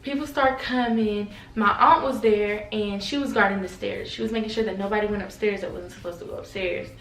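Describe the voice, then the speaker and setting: A woman casually telling a party story to camera, animated, slangy and profane, acting out the quotes. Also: medium pitch, a little fast. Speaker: storytime vlogger. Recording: echoey room, mic at a distance.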